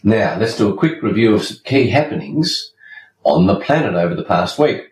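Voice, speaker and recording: A low-voiced man hosts a podcast with an emphatic, preachy delivery and the odd joke. He sits back from the mic in a roomy space. A faint ambient hum runs underneath. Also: lively intonation, normal speed, recorded from a distance. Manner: emphatic, preachy, tells jokes. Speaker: podcast host. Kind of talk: scripted podcast monologue.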